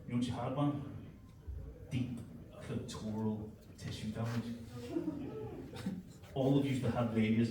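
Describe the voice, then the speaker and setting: A man's voice: medium pitch, animated, a little slow, long pauses, recorded from a distance. A middle-aged man from Northern Ireland with a Northern Irish accent, doing a crude, self-mocking stand-up comedy set. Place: comedy club stage. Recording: echoey club, heard from afar, crowd laughter.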